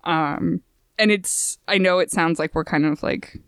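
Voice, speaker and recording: A woman chatting casually about anime, retelling scenes in an animated way and acting out the quotes. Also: on the low side, measured pace, clean tone, dry recording, studio quality. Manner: animated retelling, acts out quotes, many fillers.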